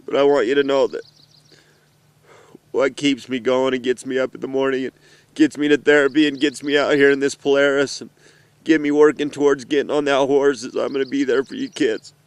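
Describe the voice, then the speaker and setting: A middle-aged man gives a heartfelt, halting message to his children while seated outdoors in the mountains. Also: medium pitch, smooth, no echo. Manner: earnest, emotional, halting. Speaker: father addressing his children.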